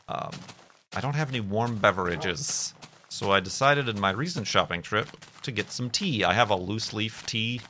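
A man chatting casually while he plays a game, wandering off into long asides and poking fun at himself. His voice sits a little low and has a bright, forceful edge, with a faint hiss of noise behind it. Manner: rambling, joking, self-mocking. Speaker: gaming streamer.

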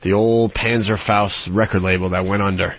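A man's voice: fairly low pitch, fairly even intonation, moderate pace. Laid-back guy hosting radio, swears a lot, kinda dull muffled sound, faint hiss. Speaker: radio show host. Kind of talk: casual radio banter.

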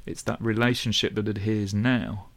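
Man, low-pitched, thoughtful, conversational guest. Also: steady tone, normal speed. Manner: thoughtful, searching, rising in pitch when emphatic. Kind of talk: conversational discussion.

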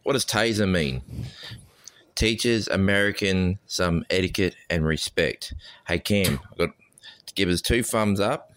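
Deep caller, fumbles his punchlines, dry recording. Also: a little slow, fairly bright tone, dry recording. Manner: stumbling, loses his way mid-joke. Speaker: listener sending in a voice message. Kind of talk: quick dirty jokes.

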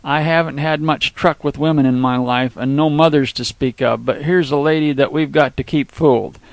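Male narrator as a young Texan outlaw: calm, cocky, gravelly drawl. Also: a little high, moderate pace, dry recording. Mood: cool. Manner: calm drawl with cowboy slang.

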